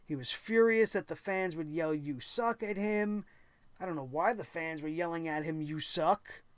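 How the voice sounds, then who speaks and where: A wrestling show host recaps the episode in a sarcastic, exasperated rant of opinionated commentary, mocking the wrestlers now and then. His voice is fairly high, clear and resonant, at a moderate pace with no room sound.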